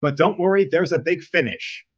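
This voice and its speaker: A man's voice: a little high, lively intonation, moderate pace, lo-fi sound. Sardonic man giving stream commentary. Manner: blunt, sardonic. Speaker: streamer host. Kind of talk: casual live-stream commentary.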